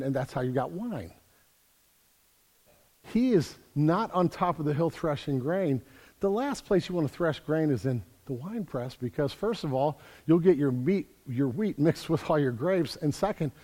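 A high-voiced man preaches with energy, doubling back on his words as he drives each point home. His voice carries a long reverb, as if filling a large church sanctuary. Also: normal speed. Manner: energetic, repeats words while building emphasis. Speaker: pastor. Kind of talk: sermon.

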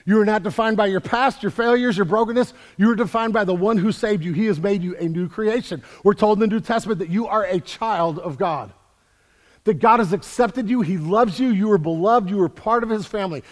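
A high-voiced man preaches with energy, doubling back on his words as he drives each point home. His voice carries a long reverb, as if filling a large church sanctuary. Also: brisk. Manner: energetic, repeats words while building emphasis. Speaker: pastor. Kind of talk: sermon.

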